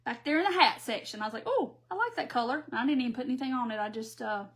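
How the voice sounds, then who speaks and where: A woman's voice: a little high, racing, fairly bright tone, slight background noise. A middle-aged woman from Mississippi with a Southern accent, chatting casually through a crafting live stream and reading viewer comments aloud.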